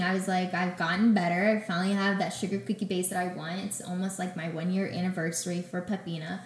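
A young woman telling her story as a guest in a casual interview, acting out her own quotes with animated energy. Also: on the low side, quick pace, few pauses. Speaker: guest, baker and business owner. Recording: echoey room with faint ambience.

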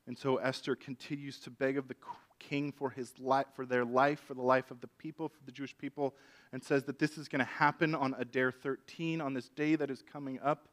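A man preaching a sermon, retelling an old story in a lively, conversational way. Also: medium pitch, fairly quick.

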